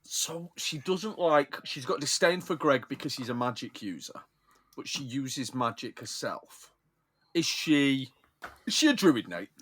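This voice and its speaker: A man's voice: mid-range voice, expressive, measured pace, a bit bright. A man playing a tabletop game, chatty and friendly. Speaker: player. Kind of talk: casual tabletop game play.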